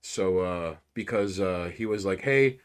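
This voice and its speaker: A man from New York co-hosting a podcast, telling stories in a profane, animated way with big swings in loudness. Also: lowish voice, normal speed. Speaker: podcast co-host. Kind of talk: casual chat, storytelling.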